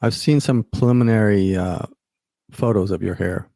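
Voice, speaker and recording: A man's voice: on the low side, moderate pace, vocal fry, warm tone, no room sound. A man hosting a podcast in casual chat, giving dry, wry replies and short murmurs. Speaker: podcast host.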